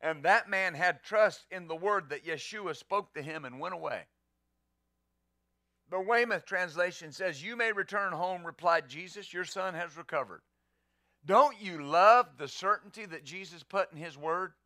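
A pastor preaches at a measured pace in a notably high, bright voice, pushing each point with rhetorical questions. The recording is close and dry, with no room sound.

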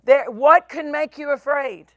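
A middle-aged woman pastor preaching a sermon, with emphatic, drawn-out phrases and voices for the people in her stories. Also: high-pitched, fairly bright tone, dry recording, muffled recording.

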